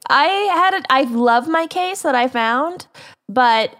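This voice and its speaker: A woman's voice: high voice, expressive, slow pace, fairly bright tone. A woman co-hosting a casual podcast, upbeat and jokey as she leads the segments. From Minnesota. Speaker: podcast co-host. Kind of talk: casual chat.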